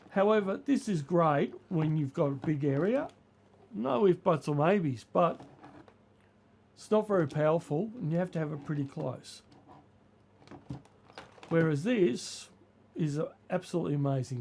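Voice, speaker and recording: An older man, hoarse from the flu, chatting casually and rambling through his model railway vlog. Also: on the high side, darkish tone. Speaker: model railway channel host.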